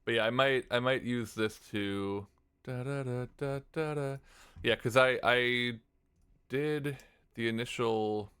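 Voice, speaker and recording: A man streaming while he composes, thinking aloud in a relaxed way and now and then scatting a melody. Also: mid-range voice, slow, smooth. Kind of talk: casual livestream talk. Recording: faint music under voice.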